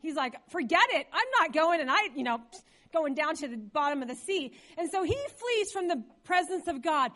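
A middle-aged woman pastor preaching a sermon in a church, dramatic and animated, acting out quoted voices. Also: sits high, normal speed.

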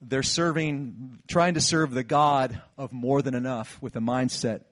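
A middle-aged man preaching a sermon, retelling a Bible story with lively acted-out lines. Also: mid-range voice, a little slow. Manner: animated storytelling, acts out disciples' lines. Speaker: pastor.

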